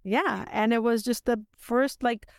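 A woman hosting a podcast, telling personal stories in a lively, conversational way and acting out the voices of people she quotes. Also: a little high, a little slow, vocal fry, dry recording, clean studio sound. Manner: animated storyteller, acts out quoted voices. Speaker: podcast host. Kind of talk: casual conversational interview.

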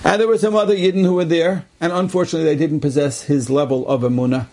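A man's voice: on the high side, steady tone, fast talker, darkish tone. A man earnestly telling an inspirational religious story, repeating key phrases for emphasis.

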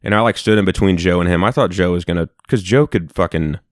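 Deep-voiced young man telling a story. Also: fast, no room sound. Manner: profane, animated storyteller with frequent restarts. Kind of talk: casual storytelling chat.

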